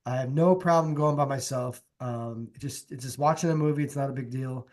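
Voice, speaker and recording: A young man co-hosting a podcast, chatting casually about movies and music in a relaxed, rambling way with plenty of fillers. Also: mid-range voice, a little fast. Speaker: podcast co-host. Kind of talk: casual chat.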